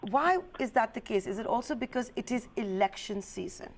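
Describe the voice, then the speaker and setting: Woman tv news anchor, quick pointed questions, some uhs. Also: fairly high pitch. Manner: brisk, probing questions with fillers. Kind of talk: television news interview and panel hosting.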